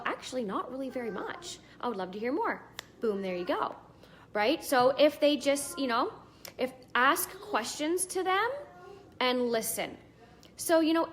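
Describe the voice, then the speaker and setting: A woman's voice: a little high, a little hiss or hum. A woman giving casual direct-sales advice in a live video, chatty and plain-spoken with many fillers.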